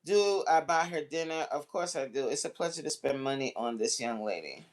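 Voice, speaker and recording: A woman's voice: deep voice, animated, moderate pace, a little mellow. A woman hosting a casual livestream, reading out chat comments and bantering back in a playful, teasing way.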